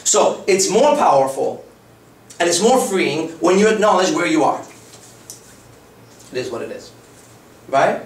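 A man's voice: high-pitched, expressive, measured pace, long pauses. A man in his thirties, a dating coach giving a live lecture in a blunt, profane, conversational way. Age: 30s. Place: lecture room. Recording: roomy, far from the mic.

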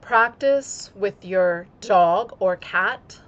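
A woman yoga teacher speaking in an instructional video, using slow, deliberate phrasing timed to her breath. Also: mid-range voice, fairly bright tone, dull audio.

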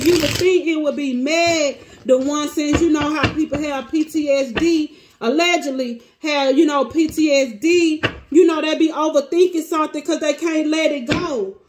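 In a noisy setting, a tarot reader with a high voice works through a relaxed reading, often exclaiming and trailing off partway through sentences as she reasons aloud. Clear clicks can be heard under her speech.

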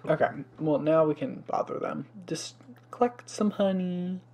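A man's voice: on the high side, a little slow, background noise. A young man hosting a life-sim let's play in casual commentary, chatty and fussy, exclaiming often and scolding the game's pets.

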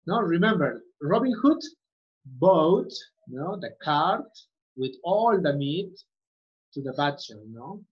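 A very animated woman whose voice sits low teaches English online at a slow pace. Repetition is constant, as are her "okay?" check-ins for understanding. The recording is muffled and lo-fi.

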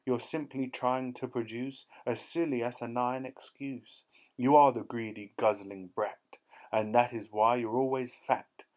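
A stern mother scolds her greedy child in a sharp, cross voice, as a man reads her lines. It comes across as a storybook parent, plainly pitched. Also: fairly even intonation, measured pace, natural voice. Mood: scolding.

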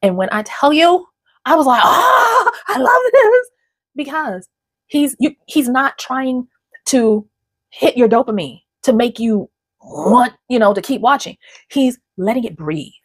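A woman's voice: a little high, lively intonation, measured pace, no room sound, clean studio sound. A woman hosting her own channel, talking to camera in a conversational, digressive way and often restarting her sentences. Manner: conversational and digressive, with frequent restarts and repeated words. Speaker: channel host. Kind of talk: casual talking-head commentary.

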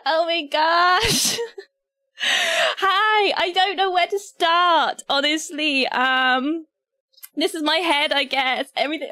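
A woman's voice: sits high, pushed and bright, dry recording. A British woman streaming, chatting casually with her viewers, giggly and nervous. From Britain. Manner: giggly and nervous, talking to chat. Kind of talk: casual livestream chat.

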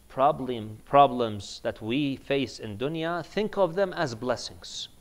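A man giving a sermon, moving between hushed grieving tones and loud, emphatic preaching, with Arabic devotional phrases woven in. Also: a little high. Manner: swings from hushed, near-whispered grief to loud, emphatic preaching. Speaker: imam giving a majlis sermon.

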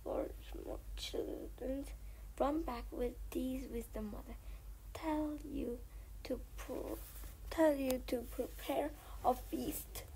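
A woman voicing a clever father fox who gives calm, hushed orders in a children's story. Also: sits high, slow pace, in a whisper, rough recording. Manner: hushed and careful, giving orders.

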